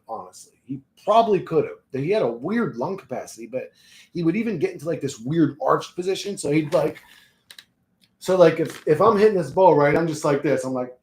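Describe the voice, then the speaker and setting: A man's voice: fairly high pitch, darkish tone. Tired rambling man in an echoey room. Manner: tired, rambling, swears freely, laughs often. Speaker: vlogger. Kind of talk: casual rambling monologue.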